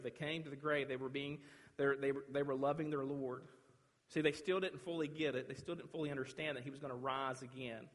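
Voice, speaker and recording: A man preaching a sermon, dramatic, swinging from loud declaring to hushed, quiet lines. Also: medium pitch, fairly even intonation, fairly quick. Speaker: pastor. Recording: long hall reverb.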